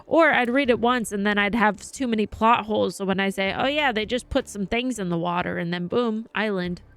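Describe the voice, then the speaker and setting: Chatty swearing woman streamer, smooth voice. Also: medium pitch, brisk. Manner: rambling, swears freely, animated storytelling. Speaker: live stream host. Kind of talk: casual chat.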